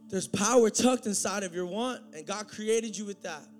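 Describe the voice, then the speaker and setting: A man preaching a sermon, swinging from loud, excited preaching to quiet, intense talk. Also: sits high, normal speed.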